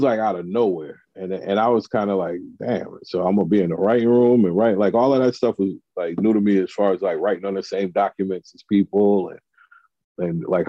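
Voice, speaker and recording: A man's voice: sits low, steady tone, fairly quick, no room sound, lo-fi sound. A man, a comedian and TV writer, telling a story in casual chat and acting out the quotes of the people in it.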